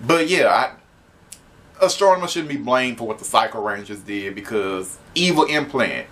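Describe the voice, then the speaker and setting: A man's voice: mid-range voice, lively intonation, measured pace, a bit bright. Man with a mid-range voice doing a loose, chatty comic review, laughs a lot, swears freely. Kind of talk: casual spoken review.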